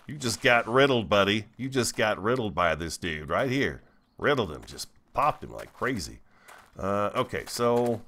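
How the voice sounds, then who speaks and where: A man's voice: lowish voice, fairly bright tone. A man hosting a gaming video, chatting to his viewers as he plays. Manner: chatty, talks to viewers while playing. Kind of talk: let's play commentary.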